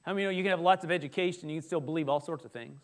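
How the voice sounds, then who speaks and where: High-voiced man preaching an animated sermon. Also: rapid-fire. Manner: animated preaching with frequent restarts and asides. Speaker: pastor.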